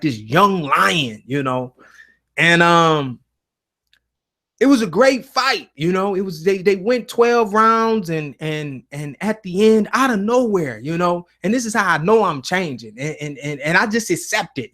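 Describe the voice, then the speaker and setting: A man's voice: a little high, fairly bright tone. A man hosting a casual live-stream show, telling stories earnestly with many restarts and fillers. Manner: emotional, earnest.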